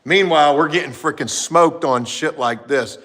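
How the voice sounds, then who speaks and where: A man vlogging about his painting job, telling a story in a casual, profane, animated way, going from shouts down to mutters. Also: fairly high pitch, normal speed. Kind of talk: casual storytelling to a live chat.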